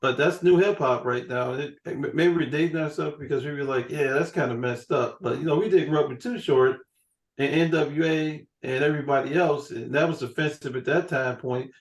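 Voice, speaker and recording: A man's voice: fairly high pitch, fairly quick. Joking male podcast host, echoey room. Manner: joking, animated storytelling. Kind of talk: casual chat.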